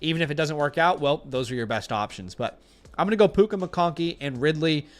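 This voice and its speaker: A man's voice: a little high, expressive, a little fast. A man hosting a casual live stream, answering viewer questions, thinking aloud with fillers and restarts, blunt in his opinions, with a runny nose. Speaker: fantasy football host answering viewer questions.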